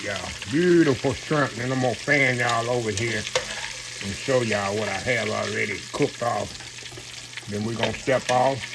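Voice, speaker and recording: A man who hosts a home cooking channel, chatting with his viewers in a folksy way while he fries shrimp. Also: mid-range voice. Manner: folksy and chatty, often calls viewers "y'all", laughs at his own jokes. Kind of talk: casual cooking demonstration. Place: home kitchen with shrimp frying. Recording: clear frying and kitchen noise. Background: oil sizzling and frying sounds.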